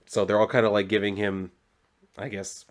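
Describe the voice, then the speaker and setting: A man's voice: on the low side, level tone, normal speed. Laid-back man recapping a comic. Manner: loose and rambling, lots of fillers like "so" and "like". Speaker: comic book reviewer.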